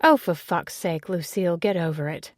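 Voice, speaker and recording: A woman voicing a brash, cheeky aristocratic lady who teases loudly and bluntly. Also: fairly high pitch, very animated, moderate pace, no room sound, studio quality, voice pushed up. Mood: scornful. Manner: bold, cheeky, exclamatory. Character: brash, bawdy aristocratic lady, teasing and loud.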